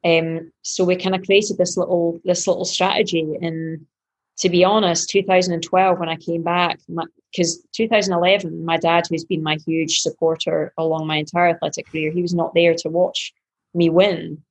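Husky-voiced woman athlete telling a story. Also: on the low side, moderate pace. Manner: animated, acts out her own past thoughts. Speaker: professional triathlete guest. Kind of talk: podcast interview storytelling.

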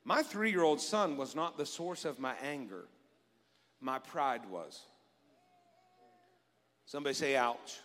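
A middle-aged man preaching a sermon as pastor, animated and joking with his congregation. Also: medium pitch, slow pace, long pauses. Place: church sanctuary. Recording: long reverb of a church hall.

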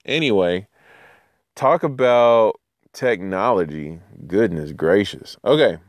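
A man teaching scripture in a casual way, reading verses slowly and then joking about them in playful voices. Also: fairly low pitch, expressive, no room sound. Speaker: Bible teacher.

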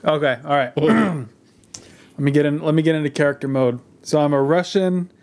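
Man, co-host, casual chat, playful, laughs often, fairly high voice. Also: normal speed, darkish tone.

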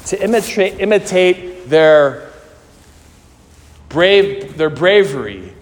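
A man's voice: sits high, expressive, a little hiss or hum. Male preacher, earnest sermon delivery, long church-hall reverb. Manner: slow, earnest, questioning delivery.

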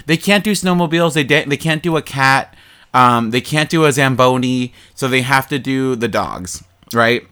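A man with an everyday mid-range voice talks through a movie plot in loose, casual chat. He is animated and profane, swearing freely and mocking the characters as he goes. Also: medium pitch, normal speed, clear, resonant tone. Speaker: podcast co-host.

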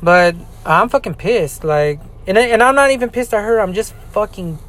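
A man on a podcast, venting in an angry personal monologue, swearing constantly and repeating himself between halting fillers. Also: sits high, lively intonation, a bit bright. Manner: profane, ranting, repetitive.

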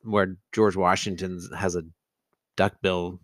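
A man with a fairly low voice chats about a movie with his co-host. He is wry and asks a lot of questions, and he often trails off mid-thought. The sound is dry and close. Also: level tone, slow pace, a bit bright, no echo. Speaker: podcast co-host. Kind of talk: casual movie chat.

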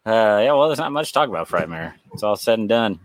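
A man's voice: lowish voice, animated, fast, noisy background. A man co-hosting a horror podcast, chatting casually with wry, profane jokes. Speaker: podcast co-host. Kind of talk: casual chat.

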